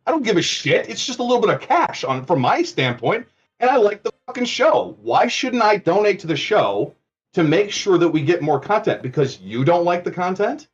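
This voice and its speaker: A man's voice: sits high, sing-song, normal speed, husky. A man in his forties, a caller, ranting and swearing in a heated, boastful argument. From Minnesota. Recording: dull lo-fi clip.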